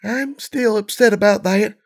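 A man voicing a young filly pony, earnest and blunt, with a high girlish voice and folksy slang in a storybook reading. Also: moderate pace.

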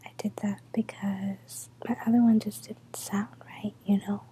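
A tired, stuffed-up woman talking in a soft, rambling ASMR whisper late at night, close to the mic. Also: mid-range voice, flat delivery, measured pace, slight background noise, rough recording. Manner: soft whisper, rambling with ums and little laughs.

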